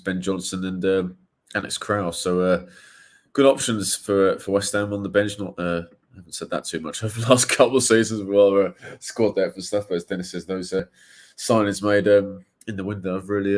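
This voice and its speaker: A man's voice: sits low, little pitch movement, moderate pace. A man co-hosting a football watchalong, chatting casually with lots of fillers and restarts. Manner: hesitant, many fillers and restarts. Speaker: co-host of fan watchalong. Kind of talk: casual chat.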